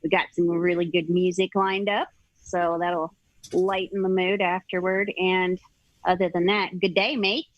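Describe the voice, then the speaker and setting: Female field reporter, low-ish flat delivery, dry, slightly muffled remote line. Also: a little slow, no echo. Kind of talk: casual remarks on a live show.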